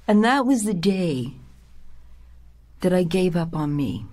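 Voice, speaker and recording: A slow, husky older woman tells her own life story. Her low voice turns raw and emotional, and she sinks into near-whispers for emphasis, sometimes in a tight, higher register. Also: expressive. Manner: emotional, dramatic, drops to a hushed whisper. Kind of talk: personal life story told to an audience.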